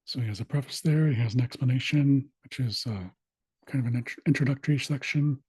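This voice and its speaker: A man teaching an online language class, walking through old dictionaries in a plain, steady way with frequent pauses and fillers. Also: mid-range voice, slightly rough, no echo. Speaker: language instructor. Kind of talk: online class screen-share walkthrough.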